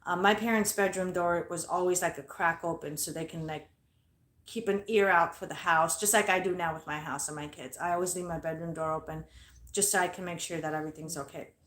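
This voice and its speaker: A woman's voice: fairly low pitch, steady tone, a little fast, fairly bright tone, roomy sound. A woman telling a ghost story from her bedroom at home in a casual, blunt way, swearing constantly. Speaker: paranormal investigator vlogger.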